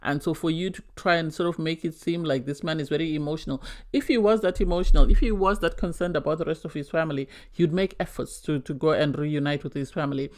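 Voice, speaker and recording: A woman's voice: sits low, fast talker. A woman giving her opinionated recap of a reality show, exasperated and acting out what people said. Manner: opinionated, exasperated, acts out quotes. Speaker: reality TV reviewer. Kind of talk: casual commentary.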